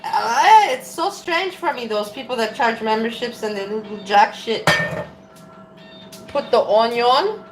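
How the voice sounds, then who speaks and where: High pitched woman rambling and laughing while she cooks on stream, echoey kitchen, bit of music. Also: a little slow, far from the mic, noisy background. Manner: chatty, animated, laughs often, swears freely. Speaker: live streamer cooking. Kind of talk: casual live-stream chat while cooking. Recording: roomy echo with faint music.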